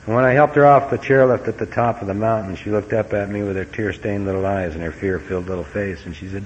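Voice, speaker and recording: A man's voice: deep voice, fast, hardly any pauses. A middle-aged man giving a folksy, earnest personal talk as a recovery meeting speaker, with wry humor. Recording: dull lo-fi recording with faint hiss.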